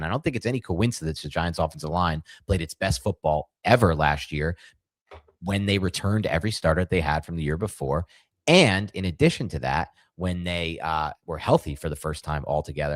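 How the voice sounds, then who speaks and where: A man co-hosting a casual sports podcast, talking in an animated, rambling way with jokey asides. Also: very deep voice, no room sound. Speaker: podcast co-host.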